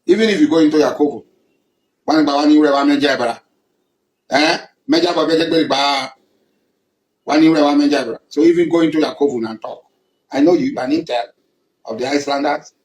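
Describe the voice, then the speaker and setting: A man's voice: on the high side, fairly quick, pauses often, a little mellow. Emphatic Nigerian man, echoey room. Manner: accusing, emphatic, repetitive. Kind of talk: impassioned public address.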